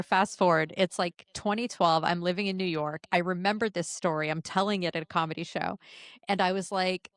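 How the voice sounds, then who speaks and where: A woman in her thirties co-hosting a podcast, telling a long story quickly and with animation, acting out the quoted voices. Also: fairly low pitch, dry recording. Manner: fast, animated storyteller who acts out quotes. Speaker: podcast co-host. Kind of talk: casual chat, animated storytelling.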